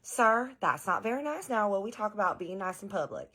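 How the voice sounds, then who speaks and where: A woman voicing a patient older companion who speaks in a gentle, coaxing way. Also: medium pitch, lively intonation, fairly quick, slightly rough, pitched above the performer's own voice.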